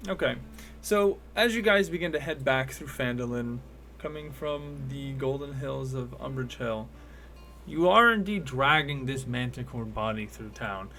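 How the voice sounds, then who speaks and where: Gravelly man narrating as game master. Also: medium pitch, expressive, measured pace, bright, forceful tone, soft background music. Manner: loose, rambling narration full of fillers.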